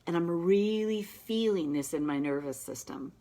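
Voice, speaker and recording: A woman practitioner guiding listeners through a tapping session with slow, emphatic affirmations. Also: fairly low pitch, dark tone.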